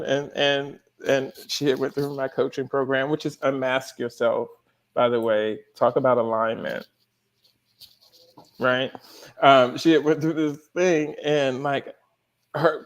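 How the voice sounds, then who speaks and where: A man's voice: medium pitch, fairly bright tone. A man, a life coach and guest, telling a story in a casual spiritual chat. He laughs often and curses casually.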